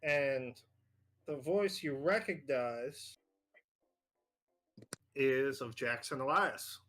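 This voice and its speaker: A man acting as game master, narrating a tabletop horror game in a halting way with many fillers. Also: mid-range voice, fairly bright tone.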